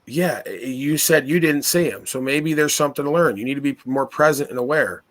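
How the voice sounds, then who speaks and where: A man's voice: mid-range voice, expressive, fairly quick, a bit bright. Earnest man asking probing questions. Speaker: podcast host. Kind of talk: casual philosophical chat.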